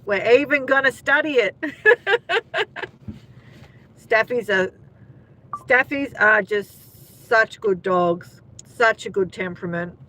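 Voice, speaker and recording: A woman's voice: mid-range voice, takes it slowly, long pauses, pushed and bright, poor audio. An Australian woman hosting a casual live chat, laughing often and talking to her viewers by name. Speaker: livestream host.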